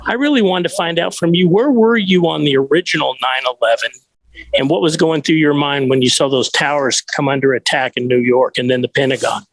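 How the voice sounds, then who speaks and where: A man's voice: on the high side, a little fast, no echo, poor audio. A man co-hosting a talk show, asking questions in a casual, hesitant way. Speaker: co-host interviewer.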